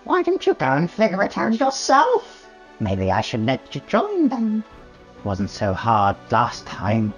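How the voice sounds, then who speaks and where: A cackling sorceress with a taunting, menacing manner, swooping between high shrieks and low growls, as a man puts her on. Her voice jumps high above his usual pitch and drops into slow, deep threats. Faint music plays underneath. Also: huge pitch swings, muffled recording. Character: maniacal sinister woman casting dark magic.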